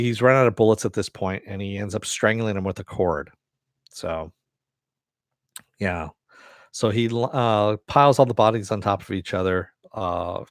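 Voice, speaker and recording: A man's voice: lowish voice, no room sound, clean studio sound. A man casually recapping a TV episode, rambling along with frequent fillers. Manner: rambling retelling with many fillers. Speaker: TV episode reviewer.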